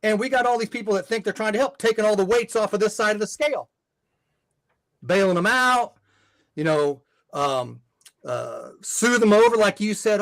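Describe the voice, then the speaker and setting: Older guy on a church podcast, kinda high voice, earnest, keeps restarting words, dry close sound. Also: expressive, moderate pace, a bit bright, no echo. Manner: repeats words as he restarts, heartfelt.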